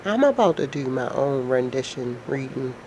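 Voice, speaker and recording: A woman with a naturally deep voice, sick and slightly nasal, chatting casually to her viewers in a frank, rambling way. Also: animated, moderate pace, a little mellow, slight background noise. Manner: frank, rambling, laughs often. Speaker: vlogger. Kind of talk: casual chat to camera.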